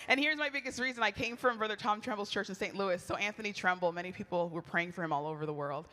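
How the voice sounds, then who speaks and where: Woman retreat speaker, bright and forceful, storytelling sermon, laughs a lot, long hall reverb. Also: mid-range voice, fast talker, few pauses. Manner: animated, chatty, laughs often, acts out quoted lines.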